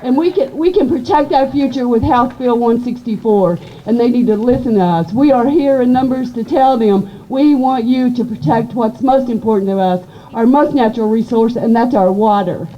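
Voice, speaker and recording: High-voiced woman rallying a crowd. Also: moderate pace, few pauses, lo-fi sound, slight background noise. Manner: energetic, chatty, shouts chants to the crowd. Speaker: rally organizer and emcee. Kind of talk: rally speech with call and response. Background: loud crowd.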